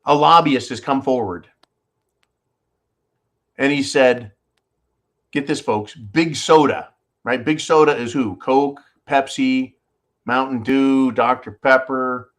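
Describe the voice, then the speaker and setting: A man hosting his own channel, delivering a profane, sarcastic political rant with sudden jumps in pitch and volume. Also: slow, long pauses. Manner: loud swings in pitch and volume. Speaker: channel host.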